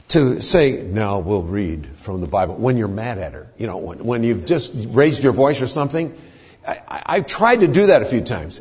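An older man with a husky voice talks to a church crowd and swaps easily between jokes and faith. The sound is muffled, and a long hall reverb trails after his words. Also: medium pitch, a little mellow. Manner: folksy, joking storyteller. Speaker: guest speaker. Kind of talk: church talk with humor.

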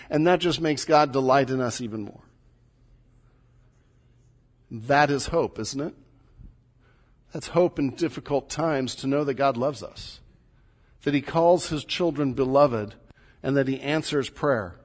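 With a medium-pitched voice at normal speed, a middle-aged pastor delivers a sermon that teaches conversationally and adds light humor. The church sanctuary gives it a long hall reverb.

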